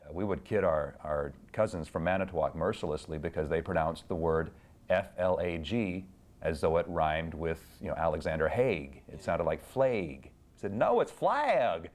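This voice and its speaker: A man's voice: rumbling low, steady tone, moderate pace, a little mellow. A man, a songwriter, telling anecdotes in an interview with dry amusement. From Arkansas.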